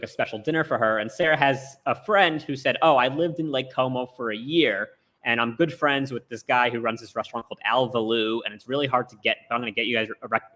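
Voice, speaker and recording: Fast, bright-voiced man telling a story. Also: medium pitch. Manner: rambling storytelling full of "like" fillers. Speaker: storyteller on a talk show. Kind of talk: casual chat. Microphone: remote video call.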